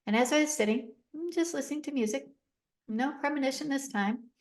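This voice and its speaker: A woman's voice: high voice, brisk. A middle-aged woman telling a personal story as a podcast guest, recounting events vividly and acting out the dialogue with emotion.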